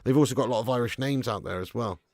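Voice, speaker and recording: English male stream host, laddish, mid-pitched, dry close sound, jumps from mumbles to loud excitement. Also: very fast, creaky, dry recording. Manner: chatty, laddish, swings from mumbling to excited bursts. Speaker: football watch-along host. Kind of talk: live-stream chat reading comments.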